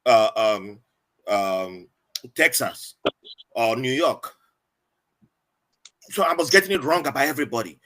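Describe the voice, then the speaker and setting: A man's voice: mid-range voice, unhurried, pauses often. A man, telling stories in a casual podcast chat. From Nigeria. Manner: animated, acts out quoted voices. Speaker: podcast guest.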